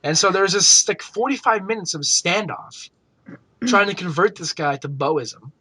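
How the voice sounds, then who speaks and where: A young man co-hosting a gaming podcast, telling a story in casual chat, swearing freely and acting out shouted quotes. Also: high voice, expressive, moderate pace, slightly rough, no room sound. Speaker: podcast co-host.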